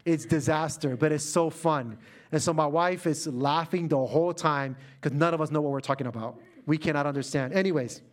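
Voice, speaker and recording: Speaking in a voice on the high side, a middle-aged Puerto Rican preacher tells a personal story about his family during a sermon. He's animated, yet drops to a soft, quiet tone when things get heartfelt.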